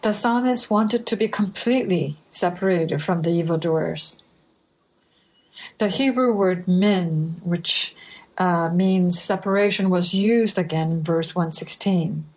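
A woman preaching a sermon, reading scripture in a measured, deliberate way. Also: fairly low pitch, a little mellow, rough recording.

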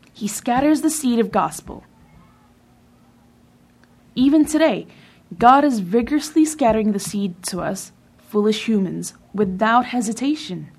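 A woman reading a translated sermon in a measured way, with emphatic pauses. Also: mid-range voice, vocal fry, breathy edge. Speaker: sermon reader.

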